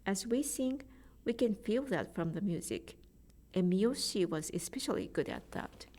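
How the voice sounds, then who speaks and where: A woman's voice: medium pitch, animated, dark tone. Japanese-accented woman giving a careful lecture. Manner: careful, measured explanations with spoken pronunciation examples. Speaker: choral music presenter. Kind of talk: prepared presentation.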